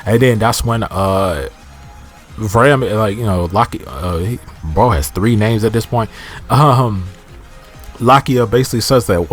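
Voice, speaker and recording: A man's voice: on the low side, measured pace, faint music behind. A man casually recapping a TV episode in a rambling, slangy way, often restarting his sentences. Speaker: TV episode reviewer.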